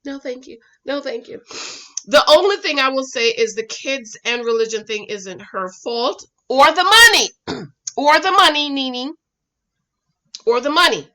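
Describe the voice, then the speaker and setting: A woman with a bright, ringing voice runs a live reaction stream. She reads out viewer comments and answers them in an emphatic, sassy way. Her voice sits fairly high. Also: animated, a little slow. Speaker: YouTube reaction host.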